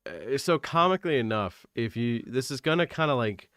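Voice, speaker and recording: A man's voice: medium pitch, sing-song, normal speed, a bit bright, dry recording, clean studio sound. A young man from Eastern Canada streaming, chatting casually on a call, rambling and self-deprecating with lots of fillers. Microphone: desk microphone.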